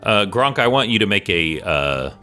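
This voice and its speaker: Male game master, deep voice, bright tone, rambling narration, faint music. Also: big pitch swings, normal speed. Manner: chatty, hesitant with many fillers.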